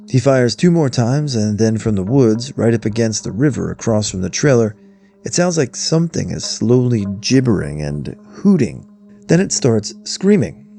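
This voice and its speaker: A low-voiced man with a gravelly, creaky edge tells a first-person horror story. His tone is dark and mellow, and his delivery is blunt, casual and full of swearing, with faint music underneath. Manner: blunt, profane, conversational telling.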